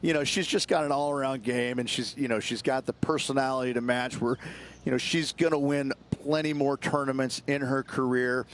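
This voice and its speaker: A man's voice: mid-range voice, steady tone, normal speed, a little hiss or hum. A man giving chatty, easygoing golf color commentary, laughing often as he explains the holes.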